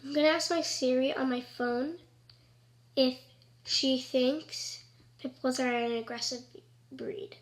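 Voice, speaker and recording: A woman's voice: sits high, steady tone, slow pace, long pauses. A woman vlogger talking casually to camera, earnest and rambling with lots of "like".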